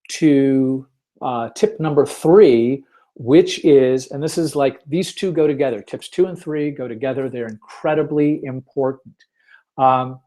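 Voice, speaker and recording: This webinar host has a mid-range voice with a dark tone. He keeps the session casual, telling stories, poking fun at himself, and using lots of fillers.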